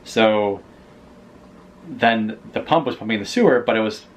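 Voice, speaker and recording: A man co-hosting a casual vlog chat, rambling and halting as he explains things. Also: fairly low pitch, a little hiss or hum. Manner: rambling, halting, many restarts. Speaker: vlog co-host.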